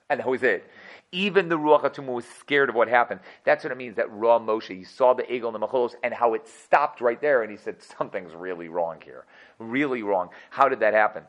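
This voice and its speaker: A man teaching an energetic Torah class, full of rhetorical questions and quick laughs. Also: medium pitch, dull audio.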